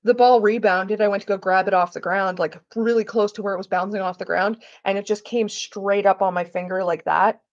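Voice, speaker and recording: A woman's voice: medium pitch, fairly even intonation, a little fast, hardly any pauses, lo-fi sound. A woman chatting casually while she cooks, swearing freely and acting out the people she quotes. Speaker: vlogger. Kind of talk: casual storytelling while cooking. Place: home kitchen.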